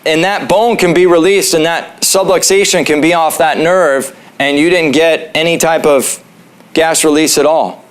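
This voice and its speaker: A man's voice: on the high side, steady tone, moderate pace, clean tone. A man, a chiropractor, giving a casual class in his office, joking and throwing questions to the audience. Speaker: chiropractor teaching a health class.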